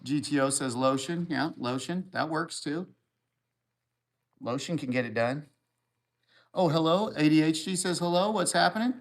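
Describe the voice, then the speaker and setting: A man's voice: a little high, normal speed, long pauses. A man hosting a livestream, reading viewer comments aloud and answering them with crude, rambling jokes in easy casual chat. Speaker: livestream host.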